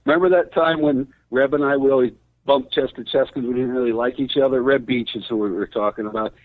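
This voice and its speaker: Male co-host, blunt, profane, mid pitch, dry narrow phone audio. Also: fairly even intonation, quick pace, no echo. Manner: blunt, swears freely, laughs often. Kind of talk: casual chat.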